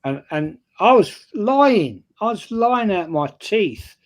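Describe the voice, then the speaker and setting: An older North London man with a high, sing-song voice speaks slowly as a fan channel panelist. In casual chat he tells a long personal story in his London accent, full of anecdotes and frequent checks of "right?"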